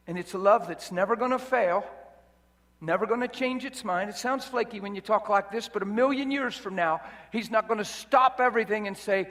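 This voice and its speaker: A man's voice: high voice, a little fast, a bit bright. A man preaching a sermon in a large hall, exuberant and emphatic, often breaking into laughter. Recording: reverberant hall.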